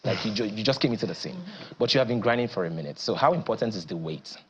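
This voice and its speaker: A man's voice: fairly low pitch, lively intonation, fast, husky, dull audio. A man hosting a TV studio interview, chatty and agreeable, laughing easily with his guests. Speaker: TV show host.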